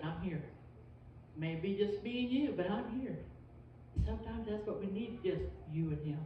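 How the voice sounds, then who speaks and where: A woman's voice: fairly low pitch, a little hiss or hum. Folksy woman in an echoey church. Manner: folksy, emphatic, repeats amen. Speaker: Sunday school teacher. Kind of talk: informal church teaching. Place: church sanctuary. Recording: distant echoey church recording, dull.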